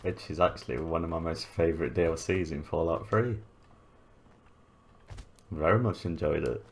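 A man's voice: extremely low pitch, moderate pace. A man giving casual gameplay commentary, tossing off jokes and swearing asides. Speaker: gamer. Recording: background noise.

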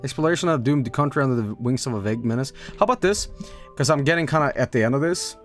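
A male streamer chatting casually at a home desk mic, his pitch bouncing all over as he talks. He reads game blurbs in a quick rattle and now and then jumps into goofy high squeals. A faint bit of music hums underneath. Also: expressive. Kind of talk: casual live-stream commentary.

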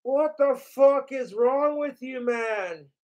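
A man putting on the voice of a frazzled aging male rock star, yelling over and over from a distance. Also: very high-pitched, slow pace, pitched above the performer's own voice. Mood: frantic.

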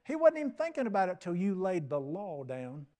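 Folksy preacher, high-pitched man. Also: huge pitch swings, a little fast. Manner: folksy preaching with acted-out dialogue and big swings in loudness. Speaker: pastor. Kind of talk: sermon.

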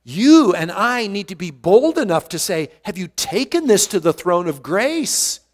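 A man's voice: high-pitched, sing-song, a little slow, in a large hall. A male pastor teaching a verse-by-verse Bible study in an earnest way, often restarting words and stressing key phrases.

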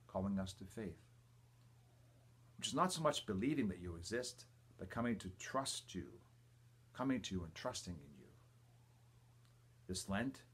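Older male priest, deep and husky, reverent homily reading with quiet asides. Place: church or home, livestream.

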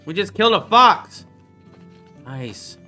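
A man chatting casually over his gameplay as host, playful and quick to joke at his own expense. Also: sits high, very animated, bright, forceful tone, faint music behind. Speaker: gaming video host.

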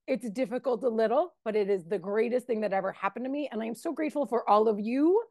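A woman in her forties shares a candid, emotional testimony about her recovery at a meeting. Her voice is fairly high, fast and warm, recorded cleanly in a studio with no echo.

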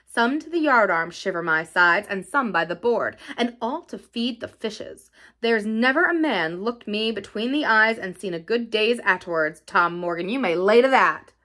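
A woman reading a gruff, cunning old pirate cook, dropping her voice to a menacing growl. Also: mid-range voice, lively intonation, normal speed, pushed and bright. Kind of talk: audiobook character reading.

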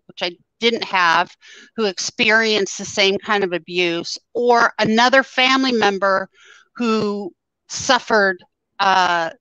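A woman guest telling a personal story in a halting way, full of ums, her voice scratchy after surgery. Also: medium pitch, pushed and bright, no echo. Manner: halting, with many ums and pauses. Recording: dull, lo-fi sound.

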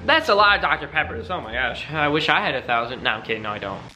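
A man's voice: fairly high pitch, sing-song, fast talker, sharp tone, faint music behind. A young man vlogging in a dramatic, exclaiming way, full of slang. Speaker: YouTube creator. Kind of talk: excitable reaction vlog.

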